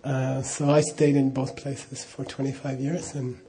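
A man's voice: mid-range voice, little pitch movement, a little slow, dark tone. A middle-aged man telling a personal story in a casual, rambling way, with frequent chuckles and "you know" asides. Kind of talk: casual spoken anecdote.

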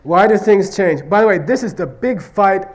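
A man with a somewhat raised voice gives a relaxed classroom lecture on Buddhist philosophy. He talks in stories and rapid question-and-answer chains. He checks in often to make sure his students follow. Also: high-pitched. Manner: repeatedly checks understanding with "okay?" and "you see what I mean?"; tells stories, acting out question-and-answer exchanges.

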